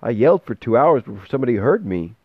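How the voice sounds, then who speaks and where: A man voicing a shy, timid young schoolboy who speaks softly and hesitantly, recorded with a dull, dry sound. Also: mid-range voice, sing-song, fast, dry recording, pitched above the performer's own voice.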